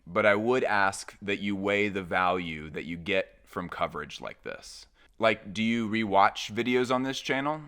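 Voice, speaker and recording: A man's voice: fairly low pitch, sharp tone, smooth. A male fashion critic hosting his channel, interviewing designers and speaking earnestly and directly to viewers. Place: Paris fashion shows and showrooms.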